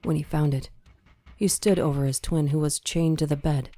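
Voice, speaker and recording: A woman with a low, dark voice narrates a horror story in a measured, dramatic manner. Faint music plays behind her. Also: steady tone.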